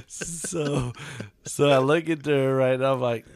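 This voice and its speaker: A man co-hosting a podcast, telling a rambling story full of "you know" and "right?", and putting on high voices for the people he quotes. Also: dry recording, studio quality. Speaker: podcast co-host. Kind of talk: casual storytelling chat.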